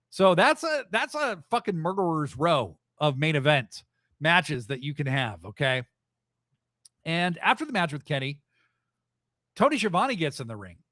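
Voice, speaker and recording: A man hosting a live wrestling podcast, recapping events in a rambling, excitable, profane way. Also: on the high side, no room sound, studio quality. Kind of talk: casual live show recap.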